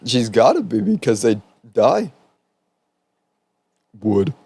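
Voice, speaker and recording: Laid-back young man, mellow voice. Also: medium pitch, very animated, takes it slowly, husky, dry recording. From United States. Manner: laid-back, laughs often. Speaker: podcast co-host. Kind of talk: casual chat.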